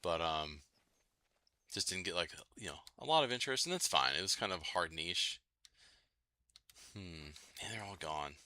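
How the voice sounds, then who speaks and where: Deep-voiced, bright casual streamer guy. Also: animated, moderate pace, pauses often, no echo. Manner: loose and chatty, lots of fillers, laughs often. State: itchy nose. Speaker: livestream host. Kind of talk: casual gaming livestream chat.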